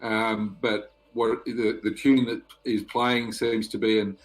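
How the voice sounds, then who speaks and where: Male GM, low voice, slow and halting narration. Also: level tone. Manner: halting, many fillers and pauses. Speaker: game master. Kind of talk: narrating a tabletop game.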